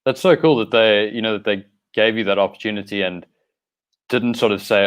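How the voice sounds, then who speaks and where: A man with a lowish voice hosting a podcast. He asks his guest questions in a curious, easygoing way, in loose conversational phrasing. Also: fairly even intonation, fairly quick, clear, resonant tone, dull audio. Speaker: podcast host. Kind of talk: casual podcast interview.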